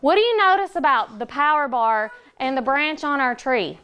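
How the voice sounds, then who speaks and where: A woman teaching a classroom phonics lesson, patient and encouraging, slowing down to model words for the children. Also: high-pitched, animated, bright, forceful tone.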